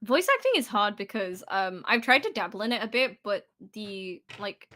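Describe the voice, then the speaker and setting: A woman's voice: medium pitch, big pitch swings, moderate pace, bright, forceful tone. A young woman with a British accent chatting casually on a stream, laughing often and trailing off with fillers. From Britain. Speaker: guest. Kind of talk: casual chat.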